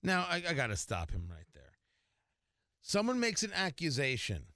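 Animated, sarcastic male radio host. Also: on the high side, normal speed, no echo, studio quality. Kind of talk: opinionated talk radio commentary.

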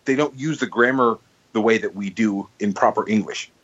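A man's voice: fairly low pitch, moderate pace, a bit bright, muffled recording. A man co-hosting a podcast, chatting casually and telling stories animatedly with frequent restarts. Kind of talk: casual chat.

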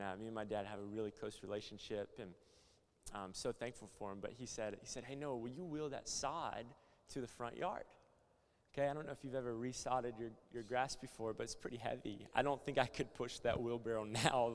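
A young male pastor from Florida preaching at a conference, moving from quiet stories to loud, passionate preaching. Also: medium pitch, a little hiss or hum. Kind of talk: conference sermon with storytelling. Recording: long hall reverb.

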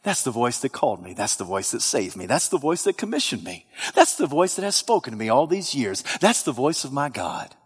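A man preaching a sermon with dramatic swings from loud to hushed. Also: medium pitch, big pitch swings, fairly quick, few pauses, husky, in a large hall.

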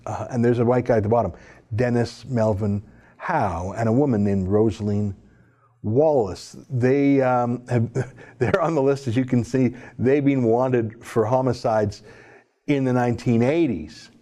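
Man, opinion commentary, sarcastic and indignant, dark mellow tone. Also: mid-range voice. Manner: sarcastic, indignant, tells someone off-camera to scroll. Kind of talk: opinion commentary reading from a screen.

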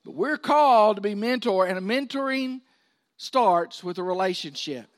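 A male pastor preaching a sermon, swinging between loud emphasis and hushed asides. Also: high-pitched, expressive, normal speed.

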